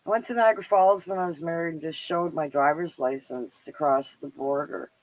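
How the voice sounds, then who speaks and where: A woman's voice: sits low, brisk, a little mellow, dry recording, rough recording. A middle-aged Canadian woman with a Canadian accent hosting a live stream, chatting casually and rambling with lots of fillers and laughs. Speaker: livestream show host.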